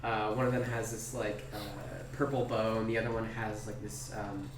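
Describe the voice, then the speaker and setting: A man's voice: lowish voice, little pitch movement, normal speed. A man running a tabletop game as game master, narrating loosely with plenty of "like" and "um". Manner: loose, filler-heavy narration full of "like" and "um". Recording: roomy, distant, noisy recording.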